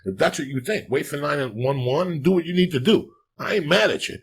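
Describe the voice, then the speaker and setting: A man from Cuba, a podcast host, telling crude comic stories in a profane, rambling, animated way. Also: fairly high pitch, fairly quick, husky.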